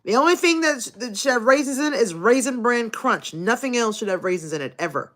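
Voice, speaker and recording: A woman's voice: a little high, fairly quick. A woman live streaming who chats casually with her audience, swears freely and laughs often. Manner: laughs often, profane and animated.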